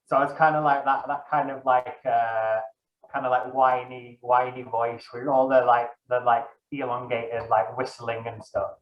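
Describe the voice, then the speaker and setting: A man's voice: medium pitch, level tone, moderate pace, a little hiss or hum. A young man, a dungeon master, chatting casually as an interview guest in a rambling way, correcting himself and filling gaps with ums. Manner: rambling, self-correcting, many fillers. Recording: echoey, dull lo-fi room sound.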